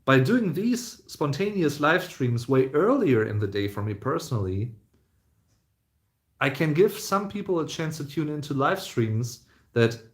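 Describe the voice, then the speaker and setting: Young male streamer, rambling casual Q&A chat, mid-pitched, full of ums. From Germany. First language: German. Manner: chatty, rambling, with many fillers and restarts. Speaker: live streamer.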